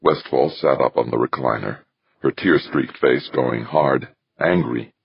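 Very deep gravelly male narrator. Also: measured pace, no echo. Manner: gravelly, steady storyteller. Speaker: audiobook narrator. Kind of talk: scripted narration with character voices. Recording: dull lo-fi dry recording.

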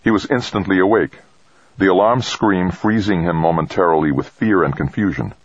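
A man narrating a science fiction story in a steady, dramatic reading. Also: low voice, moderate pace, breathy edge. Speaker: audiobook narrator. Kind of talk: scripted narration. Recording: dull, dry close recording.

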